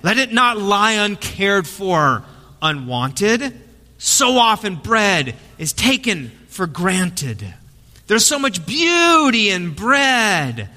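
A man playing an old baker, slow solemn delivery, tearful passion, raised pitch, lingering reverb. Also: sing-song, sharp tone, exaggerated voice. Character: older male baker, fiercely passionate about bread.

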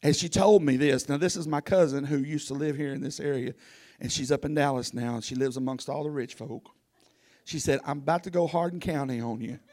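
A man preaching a sermon, telling a folksy story that swings from loud to hushed. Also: medium pitch, fairly even intonation, fairly quick. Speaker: pastor.

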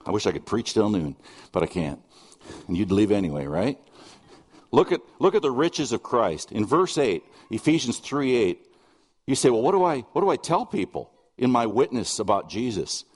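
Husky-voiced man preaching earnestly. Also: lowish voice, big pitch swings, normal speed, a little mellow, in a large hall. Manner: earnest, conversational preaching with storytelling and asides. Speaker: pastor. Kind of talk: sermon.

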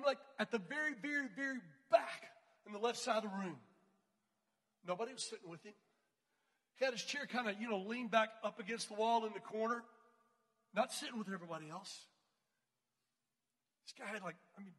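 A man speaking to a youth group, telling a story in an excitable, slangy way with frequent laughs, in a large church hall. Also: high voice. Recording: long reverb in a large hall.

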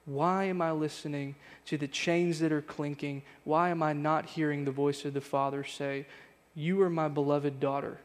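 A man's voice: a little high, flat delivery, normal speed, few pauses, big-room sound. A man in his thirties preaching a sermon as pastor, earnest and reflective, pressing on with repeated questions. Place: church sanctuary.

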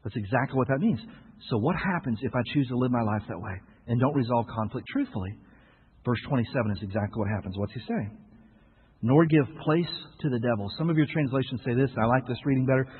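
A male pastor preaching a sermon, with emphatic swings between loud outbursts and quiet asides, rhetorical questions and playful humor. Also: medium pitch, quick pace, husky. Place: church sanctuary. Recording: echoey hall on a tinny lo-fi recording.

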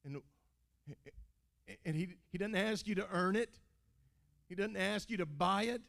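A man preaching a sermon as pastor, his voice sitting a little high for a man. He talks in animated bursts, stumbles into restarts and folksy phrasing, and keeps calling out to his congregation. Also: a little slow, vocal fry, long pauses. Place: church building.

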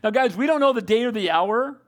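High-voiced older male pastor preaching. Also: expressive, brisk. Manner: earnest preaching, calls out for amens. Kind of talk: sermon.

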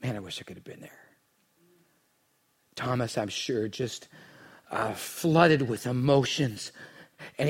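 A man preaching a sermon, telling the story dramatically and swinging from hushed lines to near shouts. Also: on the high side. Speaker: pastor.

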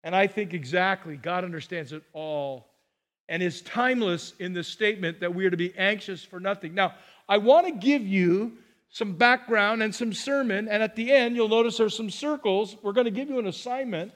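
Brief: high-pitched male pastor, chatty sermon delivery, rhetorical questions to the congregation. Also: normal speed, a bit bright. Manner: conversational preaching with rhetorical questions. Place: church sanctuary.

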